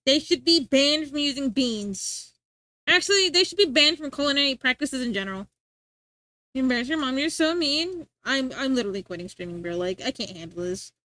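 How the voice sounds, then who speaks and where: A woman's voice: high-pitched, big pitch swings, fast, sharp tone, no room sound. A young adult woman streaming, rambling in casual chat and answering her chat, often restarting her sentences.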